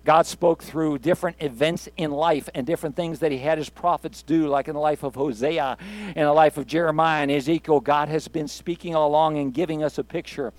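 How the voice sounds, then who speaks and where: A man's voice: a little high, fairly even intonation, fairly quick. A man preaching a sermon as pastor to his congregation. He talks in a conversational way, repeats phrases for emphasis and asks the room questions. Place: church sanctuary with congregation.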